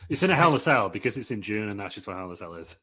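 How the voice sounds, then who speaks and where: A man's voice: on the low side, sing-song, very fast, fairly bright tone, slightly rough. A man co-hosting a podcast, rambling through a comic story with laughs and silly voices. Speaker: podcast co-host. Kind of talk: comedic storytelling chat.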